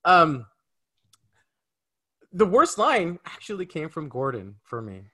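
A man's voice: on the high side, sing-song, takes it slowly, bright, forceful tone. A man co-hosting a casual film review podcast, emphatic and ranting in friendly chat. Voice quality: married.

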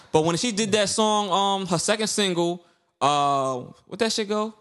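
Animated young New man, higher voice. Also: normal speed. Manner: animated storyteller, slangy, acts out quotes. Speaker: podcast co-host. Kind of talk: casual chat.

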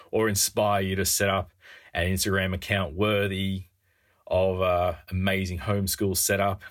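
A man's voice: fairly low pitch, a bit bright. A man preaching a sermon in an earnest, wry way, acting out quoted lines with a rising voice.

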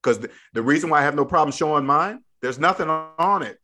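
A man's voice: fairly high pitch, expressive, brisk. A man coaching a younger guest on money, emphatic and preachy, repeating his points in casual podcast chat. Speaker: debt-free money coach.

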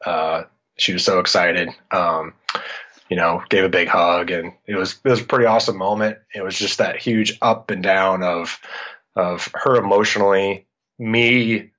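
Man, middle-aged, from Iowa, podcast guest, animated storyteller, bright forceful tone, dull lo-fi sound. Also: deep voice. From Iowa, United States. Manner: animated, acts out his own past lines. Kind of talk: casual storytelling. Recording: dull lo-fi audio.

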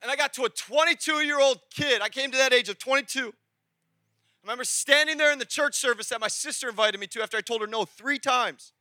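A man in his thirties preaching a sermon in church, telling a personal story, dropping to a hush and rising to a shout. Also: extremely high pitch, fairly quick, no room sound, clean studio sound. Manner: emotional testimony, swings from hushed to shouting. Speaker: pastor. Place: church sanctuary.

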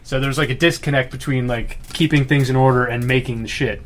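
Male podcast co-host, mid pitch, animated storyteller. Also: fast talker, slight background noise. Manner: animated storyteller acting out movie scenes. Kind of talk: casual chat.

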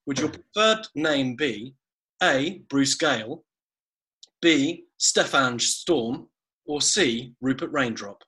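A man's voice: mid-range voice, animated, slow, bright, forceful tone. A man co-hosting a casual podcast chat, with a dry manner, who reads short comic poems aloud. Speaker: podcast co-host.

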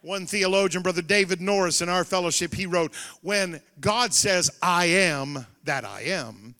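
Male revival pastor, high voice, loud call-and-response preaching in a reverberant sanctuary. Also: unhurried, few pauses. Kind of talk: revival sermon. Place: church sanctuary. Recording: reverberant church hall.

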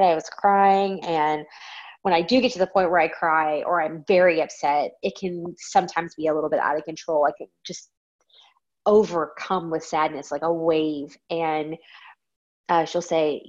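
A woman with a slight lilt hosts her podcast alone, thinking aloud in a candid, reflective way. Her voice sits a little low, and the audio is somewhat dull and muffled. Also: fairly even intonation, moderate pace, a little mellow. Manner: candid, reflective, with frequent ums. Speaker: podcast host. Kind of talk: casual solo podcast talk.

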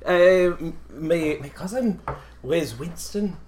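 A man's voice: a little high, animated, takes it slowly, dark tone, slight background noise, pitched above the performer's own voice. Man putting on a fussy old Scottish nanny. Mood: chatty. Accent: put-on Scottish. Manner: genteel, fussy, calls everyone dear. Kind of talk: comedic character skit.

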